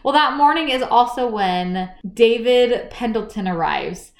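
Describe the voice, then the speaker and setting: A woman casually recapping a novel in a chat, animated and quick to act out what characters said. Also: a little high, echoey room. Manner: chatty, animated retelling with acted-out quotes and laughs. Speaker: book podcast co-host.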